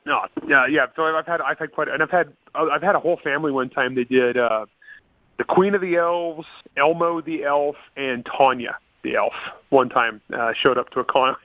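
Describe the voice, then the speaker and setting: A man's voice: fairly high pitch, fairly even intonation, normal speed, no room sound. Male author guest, casual and chatty, laughs a lot, full of ums and restarts; thin phone-line audio. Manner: chatty, laughing often, many fillers and restarts. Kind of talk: casual interview chat. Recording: tinny phone-line sound, dry.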